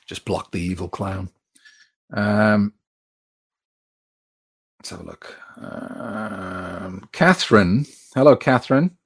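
A man's voice: sits low, takes it slowly, long pauses, breathy edge. A British man hosting a live stream, chatting frankly and reading out viewer comments with plenty of fillers. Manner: frank, conversational, many fillers. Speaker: host.

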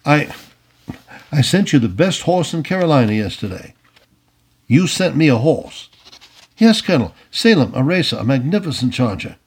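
A boisterous older planter full of bluster and hospitality, as a male storyteller puts him on. The voice climbs high and swings about, with a husky grain. He turns stammering and flustered when cornered. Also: sing-song, moderate pace, pauses often, exaggerated voice.

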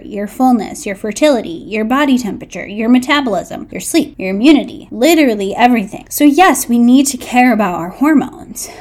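A woman's voice: on the high side, a little mellow. A woman in her thirties hosting a podcast as a dietitian, talking in a chatty, upbeat way with small laughs, slightly out of breath. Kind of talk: casual podcast monologue.

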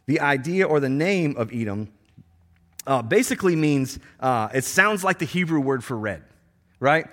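A man's voice: on the high side, a bit bright. A man preaching a sermon in a casual, slangy way, acting out the people in the story with playful voices. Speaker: pastor.

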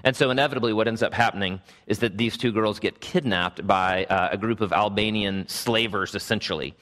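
A man preaching to his congregation in a relaxed, conversational way with frequent fillers, softening during prayer. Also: fairly low pitch, brisk. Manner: conversational, many fillers, drops soft in prayer. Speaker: pastor. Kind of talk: sermon with prayer. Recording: reverberant hall.

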